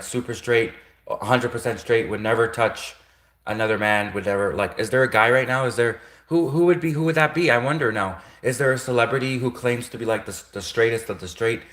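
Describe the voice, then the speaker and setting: A man's voice: medium pitch, a bit bright. A man ranting on a casual livestream, rambling and repeating himself, with frequent restarts and chuckles, in an echoey room. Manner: rambling, repetitive, with frequent self-corrections and chuckles. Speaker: livestream host.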